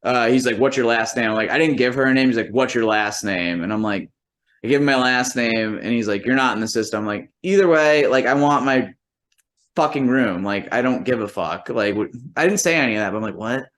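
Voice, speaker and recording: A man's voice: fairly low pitch, fast talker, a bit bright. Rambling, profane male storyteller. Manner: profane, rambling, lots of "like" fillers; quotes people in rough imitation while storytelling. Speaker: musician and comedian. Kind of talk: casual anecdote telling.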